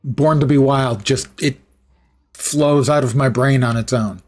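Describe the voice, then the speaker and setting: Husky, wry male game streamer. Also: mid-range voice, steady tone, unhurried, a little mellow, faint music behind. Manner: wry, rambling, sarcastic asides. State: sleepy, yawning often. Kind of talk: casual commentary while gaming.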